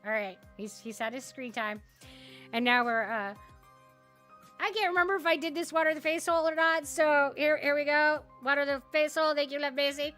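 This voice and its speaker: A woman's voice: high-pitched, steady tone, fairly quick, sharp tone, faint music behind. A woman streamer chatting casually on a headset, bubbly and giggly. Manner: bubbly and giggly, self-deprecating. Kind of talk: casual live-stream chat.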